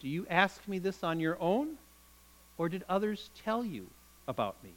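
A preacher speaking as a calm, solemn condemned prisoner. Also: male voice, sits high, normal speed. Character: calm prisoner claiming a heavenly kingdom, man.

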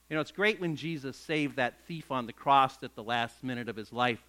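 Male pastor, high bright voice; animated sermon storytelling. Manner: animated storytelling, acts out quoted grumbling.

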